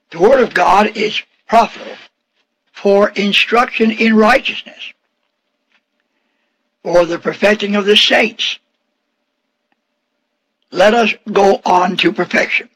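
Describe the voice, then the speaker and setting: Slow, husky high-voiced radio preacher man. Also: a bit bright, poor audio. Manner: slow, drawn-out preaching with emphatic phrasing. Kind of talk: radio sermon. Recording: radio broadcast studio.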